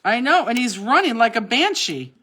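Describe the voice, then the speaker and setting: A woman's voice: a little high, big pitch swings, normal speed, sharp tone. A middle-aged woman hosting a live card-making class, chatting and giving step-by-step instructions with teasing asides. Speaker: crafting class host.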